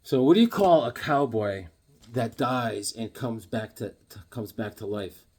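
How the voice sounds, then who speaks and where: A man showing off his comic books in a casual vlog, animated and joking, with corny puns and sudden yelps. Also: mid-range voice, a little slow. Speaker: comic book vlogger. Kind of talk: casual show-and-tell chat.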